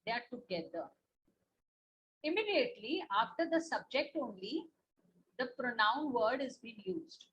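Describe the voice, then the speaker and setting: High-voiced Indian English teacher. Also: female voice, sing-song, unhurried, long pauses, fairly bright tone, highs cut off. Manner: patient, repeats points, asks "na?" and "okay?". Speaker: online teacher. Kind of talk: online class lesson.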